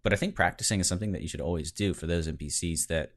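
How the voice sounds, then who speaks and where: A man's voice: sits low, very fast. A young man co-hosting a podcast, chatting casually about tabletop games in a joking, laid-back way. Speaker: podcast co-host.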